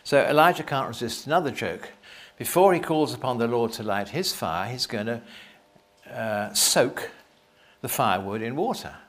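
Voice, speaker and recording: A Bible teacher reads a scripture passage aloud, stopping now and then for wry, conversational asides. He has a mid-range, fairly bright voice with lively intonation and a moderate pace.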